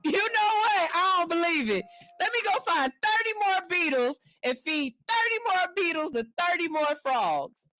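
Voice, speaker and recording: A woman's voice: very high-pitched, lively intonation, moderate pace, pushed and bright, no echo, soft background music, pitched above the performer's own voice, heavily acted, poor audio. A woman putting on a stubborn male scientist who insists on repeating his experiment. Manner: insistent, incredulous.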